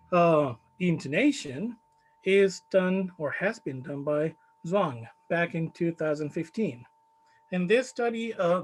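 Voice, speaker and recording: A man with a Chilean Spanish accent presenting his study in a conference talk, measured and full of fillers. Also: sits high, rough recording. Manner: measured, many fillers, stresses key words.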